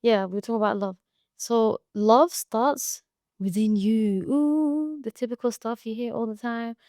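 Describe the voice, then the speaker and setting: A woman's voice: a little high, a little slow, a little mellow, dry recording, clean studio sound. A woman hosting a podcast solo, talking bluntly and profanely, like a tough-love pep talk. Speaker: podcast host. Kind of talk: casual monologue.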